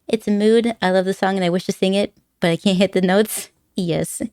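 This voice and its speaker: A woman live streamer chats casually with her viewers, rambling, giggling a lot, and playfully teasing her chat. Her mid-range voice has a darkish tone and fairly even intonation, and she talks fairly quickly in a clean, dry studio recording.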